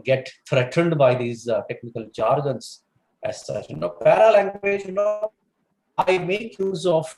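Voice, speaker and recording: Animated lecturer in echoey room. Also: male voice. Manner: animated, lively swings in pitch, many fillers. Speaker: guest speaker on English communication. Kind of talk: webinar lecture.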